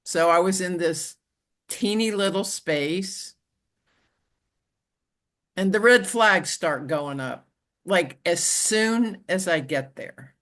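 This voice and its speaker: Low-voiced woman recounting her story. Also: fairly bright tone. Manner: halting, with frequent "like" and "you know" restarts. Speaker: interview guest. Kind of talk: conversational personal storytelling.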